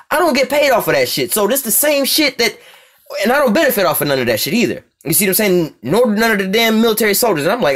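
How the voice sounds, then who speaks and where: An American man preaching, reading scripture aloud and commenting on it in blunt, profane street talk, often checking that listeners follow him. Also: high voice. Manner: profane, blunt, keeps asking "you see what I'm saying".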